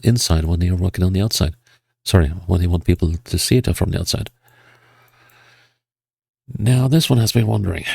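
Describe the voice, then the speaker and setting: A man's voice: deep voice, gravelly, a little mellow, dry recording, clean studio sound. A man with a stuffed-up, sniffly nose giving casual gameplay commentary, thinking aloud in a hesitant way with chuckles. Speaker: video game player.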